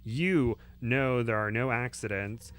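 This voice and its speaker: A man's voice: mid-range voice, slow pace, a bit bright. A man voicing a sly female macaw with a scratchy voice who mutters and mimics a newscaster. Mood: scolding.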